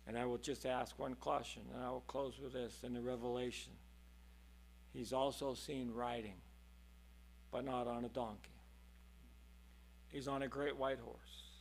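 A man preaching a sermon in a church, impassioned, moving between hushed and loud passages. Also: mid-range voice, little pitch movement, measured pace, gravelly, long pauses, a little hiss or hum.

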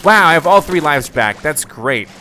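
With music behind him and slight background noise, a male gaming video host narrates a let's-play of his own game. His fairly high, expressive voice moves at normal speed, and he yelps and exclaims loudly whenever the pressure mounts and things go wrong.

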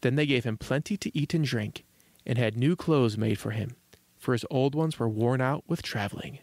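A man hosting a children's story podcast, reading fairy tales aloud in a measured, gentle way. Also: medium pitch, no echo. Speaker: storyteller host. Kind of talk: scripted storybook narration.

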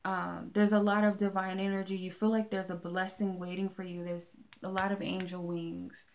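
A woman's voice: medium pitch, flat delivery, moderate pace, a little hiss or hum. A woman giving a casual tarot card reading, talking in a meandering way with many fillers and restarts. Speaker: tarot reader.

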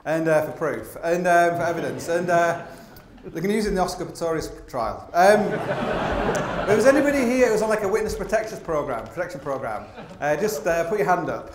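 A man tells stories on a theatre stage, rambling and self-deprecating with constant restarts. His voice sits a little high. The sound is roomy and echoey, with a faint hum underneath. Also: lively intonation, a little fast. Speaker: climber telling stories on stage. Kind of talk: live comedic storytelling talk. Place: theatre stage before an audience.

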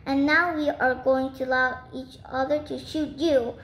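A woman voicing a calm, stern giant duck in a storybook reading. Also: high voice. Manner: cool, measured, dry. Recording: roomy with faint noise.

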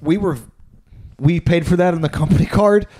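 A man's voice: fairly high pitch, normal speed, dark tone. A man telling casual stories on a podcast, rambling and profane, full of filler words. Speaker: podcast guest. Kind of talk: casual storytelling.

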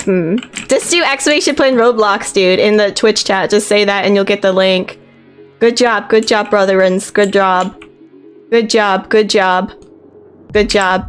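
Upbeat woman streamer, chatty and playful, higher voice over soft background music. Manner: excited, repetitive, playful. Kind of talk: casual live-stream chat.

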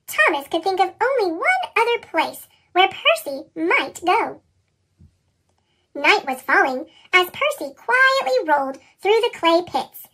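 A woman reads a children's picture book aloud with lively, expressive storytelling. The chipmunk pitch-shift makes her voice squeaky and very high, with a bright tone and a wide, sing-song swing. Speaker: storybook reader. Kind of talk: children's read-aloud narration.

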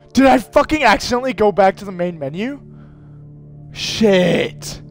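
Young male gamer, hoarse panicky screamer, high voice, drawls between outbursts. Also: lively intonation, measured pace, no echo. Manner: screams and swears at the game, panicky. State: going hoarse from yelling. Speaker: gaming streamer. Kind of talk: horror game playthrough commentary.

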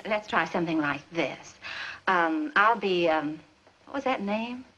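Bossy teasing wife from an old screwball movie, bright voice, muffled hissy film sound. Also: female voice, lowish voice, lively intonation, measured pace, heavily acted. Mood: playful coaxing. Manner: teasing, insistent, directs her husband. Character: playful coaxing wife staging a pretend scene. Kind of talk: 1940s screwball film acting.

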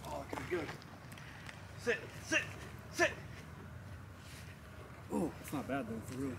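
A man's voice: mid-range voice, rapid-fire, gravelly. A man out on a golf course, casually talking through his shots aloud. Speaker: golfer. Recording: distant from the mic, loud outdoor noise.

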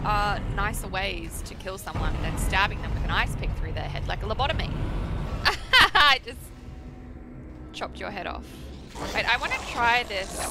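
A woman's voice: medium pitch, noisy background. A young woman streaming a horror game, chatty and self-mocking, who shrieks at every scare. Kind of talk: live gameplay commentary. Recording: game music loud behind the voice.

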